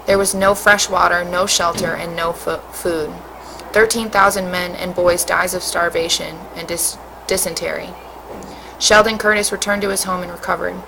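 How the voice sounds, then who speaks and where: A woman with a fairly low voice reads a storybook aloud in a steady, expressive way. She sounds like a teacher reading to a class, with a faint hum behind her. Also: creaky.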